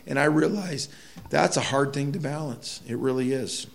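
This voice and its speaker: A man's voice: mid-range voice, normal speed, gravelly. A middle-aged man preaching a sermon in a conversational way, telling folksy stories with asides to the congregation. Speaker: pastor.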